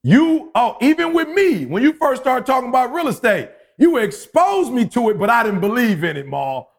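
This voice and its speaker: A man in his forties on a casual podcast, telling a story with lively acted-out quotes. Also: very high-pitched, moderate pace, gravelly. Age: 40s. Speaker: podcast co-host.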